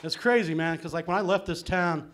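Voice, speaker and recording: Performing stand-up live in a small club, this middle-aged man speaks fairly quickly in a fairly high, fairly bright voice. His set is rambling and self-deprecating, sprinkled constantly with "um" and "man."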